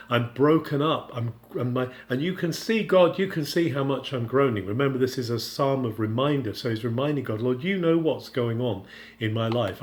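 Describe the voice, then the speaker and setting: Earnest male Bible teacher, halting delivery. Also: mid-range voice. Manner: earnest, paraphrasing the psalm in the first person; unscripted, with frequent halting restarts.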